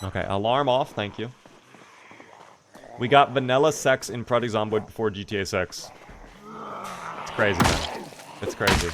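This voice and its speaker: Joking young streamer, noisy audio. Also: male voice, fairly low pitch, normal speed, long pauses. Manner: casual, joking, swears, answers chat aloud. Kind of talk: live gameplay commentary.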